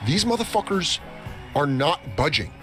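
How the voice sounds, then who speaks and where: On a radio talk show, an American host with a somewhat high voice works through a long, profane story at a measured pace. Animated throughout, he performs the voices of the people involved while quiet music runs behind him.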